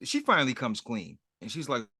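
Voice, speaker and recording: A man co-hosts a casual podcast, his voice bright and ringing with lots of rise and fall. The sound is close and dry, with no room around it. He walks through the plot step by step. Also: mid-range voice, fairly quick, slightly rough, dry recording. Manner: animated storyteller, retelling plot beat by beat. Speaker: co-host. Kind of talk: casual podcast chat recapping a TV episode.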